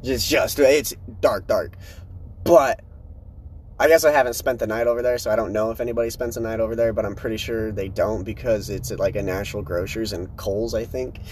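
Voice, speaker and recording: A young man talks casually on his own podcast, recorded in his truck in a parking lot, using slang and swearing. His voice is fairly low and darkish with fairly even intonation, he speaks fairly quickly, and there's slight background noise.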